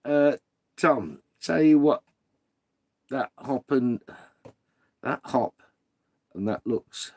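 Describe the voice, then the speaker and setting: Gravelly-voiced blunt British man. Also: mid-range voice, lively intonation, drawn-out words, long pauses, darkish tone. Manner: blunt, sweary, ranting. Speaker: livestream host reading viewer comments. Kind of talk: casual live chat.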